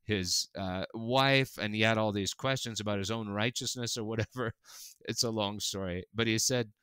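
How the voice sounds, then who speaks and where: A pastor telling stories with animated, earnest energy and frequent laughter. His lowish voice is bright and crisp. The sound is close and dry, with no room around it. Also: moderate pace, no echo. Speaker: pastor and guest. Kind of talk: casual conversational storytelling.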